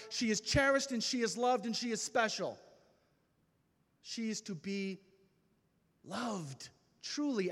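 A man giving an impassioned testimony sermon to a gathering, preaching with slow dramatic pauses. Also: very high-pitched. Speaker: speaker at a men's gathering. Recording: reverberant hall.

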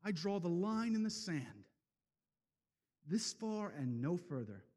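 A man preaching an impassioned sermon, swinging from loud declarations to hushed, slow passages. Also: high-pitched, very animated, long reverb tail. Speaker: speaker at a men's event.

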